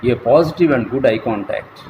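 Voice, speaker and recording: A man giving a slow, deliberate classroom lecture as a college lecturer, spelling words out letter by letter. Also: medium pitch, dull audio. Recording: echoey room, faint traffic noise.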